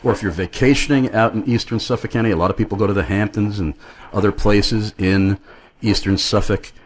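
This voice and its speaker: A man's voice: lowish voice, fairly even intonation, a little fast. A man hosting a Christian talk radio show, chatting earnestly and rambling a little with fillers. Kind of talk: friendly talk radio chat.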